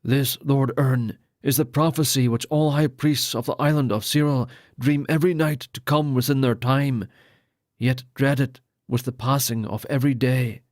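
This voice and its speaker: A man's voice: mid-range voice, fairly even intonation, normal speed, a little mellow, dry recording, clean studio sound, close to an everyday voice. A man as a solemn ceremonial lord. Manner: formal ceremonial speech. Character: solemn male lord ordaining priests.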